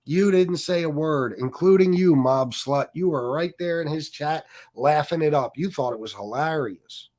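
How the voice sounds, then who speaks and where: Male streamer host, lively pitch, profane angry rant, casual. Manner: angry, profane and mocking, with many fillers. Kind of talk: ranting live stream commentary.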